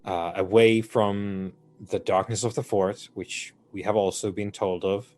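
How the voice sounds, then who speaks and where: A man playing a tabletop game, speaking in character in a measured, formal way. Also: lowish voice, steady tone, a little mellow. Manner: slow, formal, measured speech. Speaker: player. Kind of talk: in-character tabletop role-play.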